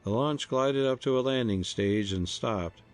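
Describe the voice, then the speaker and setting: A man narrating an audiobook in an even storytelling delivery. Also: medium pitch, measured pace, faint music behind.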